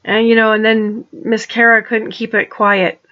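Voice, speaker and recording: A woman's voice: on the high side, level tone, unhurried, highs cut off. A woman talking in a rambling personal monologue, restarting her sentences and turning pointed and accusing. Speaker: vlogger.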